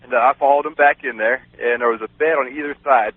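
A radio show guest with a mid-range, steady male voice tells a personal story fast and ramblingly, laughing often and saying "you know" a lot, with many fillers. The casual storytelling comes through a dry, phone-like radio sound.

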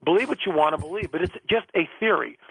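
A man's voice: fairly high pitch, quick pace, gravelly, a crowd in the background. A male guest author in a radio interview, talking emphatically and often repeating words, over a phone line.

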